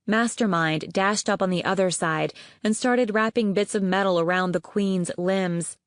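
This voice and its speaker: A woman narrating an audiobook in a steady, even storytelling manner on a close studio mic. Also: medium pitch, normal speed, clean tone, no room sound. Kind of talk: scripted narration.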